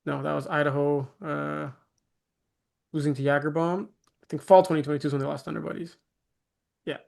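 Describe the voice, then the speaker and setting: A man's voice: fairly high pitch, level tone, fairly quick, gravelly, darkish tone. A man co-hosting a casual chat about a recreational football league, teasing and laughing often. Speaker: co-host.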